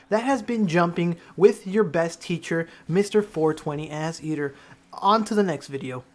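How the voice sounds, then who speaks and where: A man's voice: high voice, moderate pace. A man narrating a game tutorial over gameplay, talking like a mock-serious schoolteacher and swearing freely. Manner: mock-serious teacher bit, swears often. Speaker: gaming tutorial creator.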